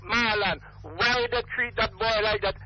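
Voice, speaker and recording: An older Jamaican man talks through a radio call-in line, his voice pitched high and his speech emphatic and rambling. He repeats himself as he presses his points. The line is muffled, with a faint hiss underneath. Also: measured pace. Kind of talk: impassioned call-in talk.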